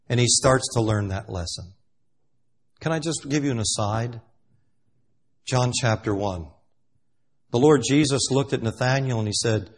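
A man preaching a sermon, emphatic and dramatic, swinging between loud stresses and hushed asides. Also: lowish voice, moderate pace, breathy edge.

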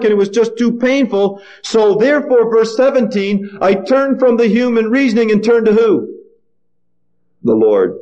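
A man's voice: high-pitched, darkish tone, highs cut off. A male pastor preaching a sermon, asking the congregation questions and acting out the voices of the figures he quotes.

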